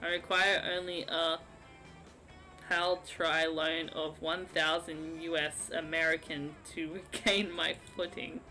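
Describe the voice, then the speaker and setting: A woman putting on a pompous, overly formal prince for a scam letter, slow and stately, reading game dialogue aloud. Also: low voice, little pitch movement, bright, forceful tone, faint music behind, heavily acted.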